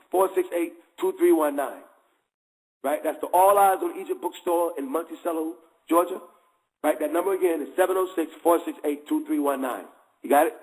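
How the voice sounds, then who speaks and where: A man's voice: high-pitched, vocal fry, rough recording. A man hosting a show, preaching in a casual, conversational way and constantly checking in with his listeners. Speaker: host.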